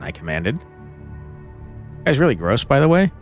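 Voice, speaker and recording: A man's voice: mid-range voice, very animated, normal speed, long pauses, faint music behind. A man streaming a game live, chatting playfully with viewers and reading the story text aloud.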